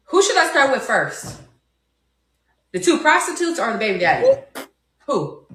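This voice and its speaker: A furious woman rants defiantly, firing off one insult after another. Her voice is bright and sharp, with a lively rise and fall, and it echoes in a roomy space. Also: high voice, a little slow, pauses often. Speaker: mother responding in a clip. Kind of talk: angry rant clip.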